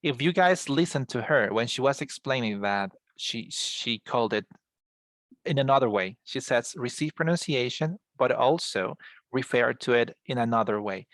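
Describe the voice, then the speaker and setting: A Colombian man with a Spanish accent teaches English over a video call in a patient, explanatory lecture style, often restarting his sentences. His voice sits at a middle pitch, and the sound is dry and close with no room echo. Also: expressive, moderate pace, fairly bright tone. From Colombia, from Bogota. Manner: explanatory, addresses students as guys, frequent restarts. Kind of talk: online class lecture.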